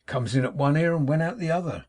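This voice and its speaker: A man's voice: a little high, lively intonation, fast talker, voice pushed up. A man doing a chirpy manservant. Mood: easygoing. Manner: chirpy, brightly drawn out dialect. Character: cheerful working-class male servant, ever jolly.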